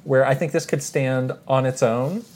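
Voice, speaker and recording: A woman's voice: a bass voice, fairly even intonation, normal speed, a little mellow. A woman co-hosting a podcast, chatting casually and laughing easily. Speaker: podcast co-host. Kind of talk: casual chat about video games.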